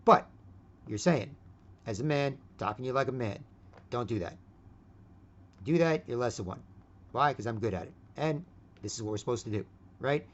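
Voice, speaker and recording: A man's voice: medium pitch, expressive, normal speed, long pauses. Rambling middle-aged man, dull lo-fi sound. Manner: rambling, ends phrases with "right?"; profane and blunt. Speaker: video host. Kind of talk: casual rambling monologue. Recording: dull lo-fi recording.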